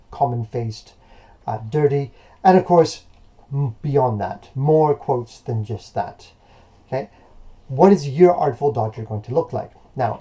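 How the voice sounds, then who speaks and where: In a muffled recording, a medium-pitched man teaches a remote lesson. He stays relaxed and encouraging, though he hesitates and uses fillers a lot.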